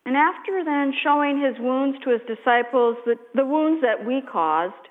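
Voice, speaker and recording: A woman pastor giving a sermon, speaking slowly and gently and dropping to a hush at times. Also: high-pitched, lively intonation. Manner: slow, gentle, drops to a hush on repeated blessings. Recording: echoey hall over a thin phone-like line.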